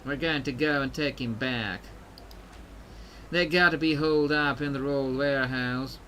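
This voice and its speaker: A confident pirate captain woman speaks in a Southern belle accent, as a man puts her on. The voice is bright and ringing. She sounds steady and resolved. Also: mid-range voice, measured pace, slight background noise. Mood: determined. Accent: put-on Southern belle. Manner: determined, reading game dialogue aloud.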